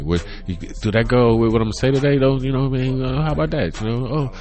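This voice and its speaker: A man's voice: mid-range voice, fast, few pauses, a little mellow. A man in his thirties hosting his own podcast, rambling casually, laughing often and swearing freely. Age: 30s. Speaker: podcast host. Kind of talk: casual solo chat. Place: home room.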